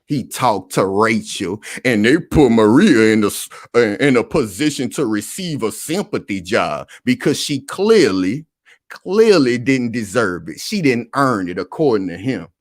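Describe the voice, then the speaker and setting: A man's voice: medium pitch, sing-song, measured pace, no room sound, clean studio sound. A man hosting a live reaction commentary stream, talking animatedly and addressing his audience directly over and over. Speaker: online commentary host.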